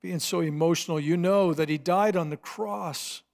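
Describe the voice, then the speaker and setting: A man's voice: on the high side, moderate pace, gravelly, a little mellow. A preacher doing scoffing male disciples. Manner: dismissive, scolding.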